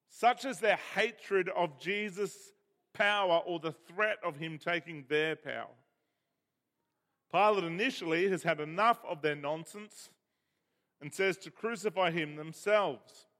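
A man's voice: sits high, a little slow, fairly bright tone. A man preaching a sermon, explaining a Bible passage with emphasis and reading scripture aloud. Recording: hall reverb.

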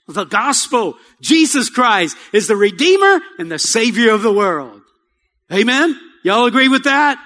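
A man preaching a sermon as pastor, calling out "Amen?" to the congregation and leading a slow, soft prayer. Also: very high voice. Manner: call-and-response preaching, repeated "Amen?". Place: church sanctuary.

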